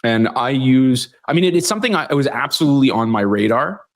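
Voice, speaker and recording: A man's voice: medium pitch, expressive, fast talker. A man speaking as a guest in an interview, candid and blunt, swearing now and then, with many "um"s and restarts. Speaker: guest commentator. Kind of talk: conversational interview.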